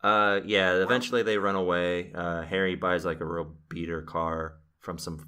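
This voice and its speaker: A man's voice: sits low, level tone, normal speed, sharp tone, clear, resonant tone. A man casually recapping a TV episode on a podcast, rambling with fillers. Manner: rambling, with frequent fillers and laughs. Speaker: podcast host.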